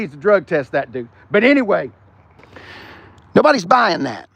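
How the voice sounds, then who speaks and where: A man's voice: high voice, big pitch swings, moderate pace, vocal fry, pauses often, fairly bright tone. A middle-aged man, hosting a casual walk-around car review and ranting with blunt, profane opinions.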